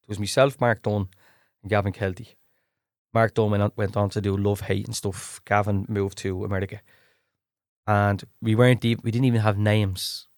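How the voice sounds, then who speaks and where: Low-voiced Dublin man telling stories. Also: normal speed, dry recording, clean studio sound. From Ireland. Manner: animated anecdotes, restarts and repeats words. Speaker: guest actor. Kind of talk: casual storytelling in a podcast interview.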